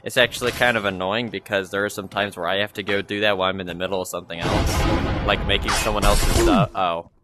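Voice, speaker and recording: A man's voice: on the low side, steady tone, fast, music in the background. A young man rambling and complaining about his job in a casual gaming vlog, full of fillers, speaking into a VR headset mic. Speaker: gaming vlogger.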